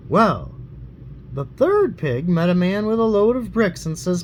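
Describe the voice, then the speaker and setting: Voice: medium pitch, very animated, unhurried, slight background noise. An adult reading a fairy tale aloud to a child at home, in a playful, teasing storytelling manner. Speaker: bedtime story reader.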